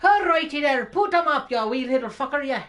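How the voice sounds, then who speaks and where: A man doing a rowdy drunk brogue-shouting Celt. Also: very high-pitched, lively intonation, fairly quick. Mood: bellowing. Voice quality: exaggerated mock Scottish-Irish brogue. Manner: bellowing, profane, taunting. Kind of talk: comic impression on a live stream.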